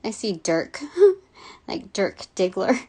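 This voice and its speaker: A woman's voice: medium pitch, very animated, slow, warm tone, breathy edge. A woman giving a casual intuitive reading, rambling with many fillers and giggles. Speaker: spiritual reader.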